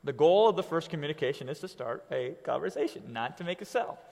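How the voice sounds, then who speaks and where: A man teaching an online business lesson in a lively, conversational way, checking in with "right?" over and over. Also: fairly high pitch, fast, vocal fry, long reverb tail. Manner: animated, conversational, keeps asking "right?". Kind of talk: coaching lesson.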